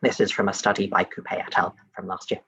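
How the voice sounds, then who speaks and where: A young adult man from the UK giving a casual science talk, chatty and conversational, often pausing with "um" and "like". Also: deep voice, little pitch movement, sharp tone, muffled recording, a little hiss or hum. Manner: chatty and conversational, many fillers like "um" and "like". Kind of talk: casual lecture to an audience.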